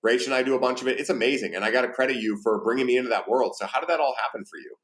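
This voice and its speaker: A male podcast host talking fast in a loose, chatty way. His voice sits at an ordinary middle pitch, and he drops casual swears as he talks with his guest. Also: a bit bright. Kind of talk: casual interview chat.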